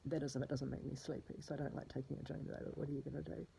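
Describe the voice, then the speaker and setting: A woman's voice: deep voice, little pitch movement, very fast, dark tone, slight background noise, rough recording. A distraught woman talking through a personal spoken diary, rambling and swearing, often dropping into a whisper. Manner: drops to a husky whisper.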